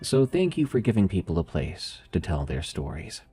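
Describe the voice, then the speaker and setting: Man, deep voice, nasal, lively intonation, scripted horror narration, soft music. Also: normal speed, breathy edge. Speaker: horror story narrator and podcast host.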